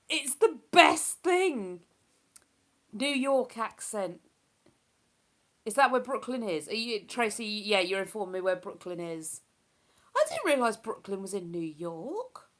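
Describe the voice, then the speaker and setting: Her voice sits a little high and sounds somewhat bright. She's a streamer going through her chat, laughing and rambling as she reads viewers' comments aloud.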